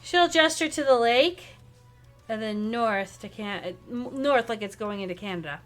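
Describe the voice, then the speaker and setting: A woman running a tabletop role-playing game, quick and animated, with bursts of excitement. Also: on the high side, faint music behind. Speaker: game master.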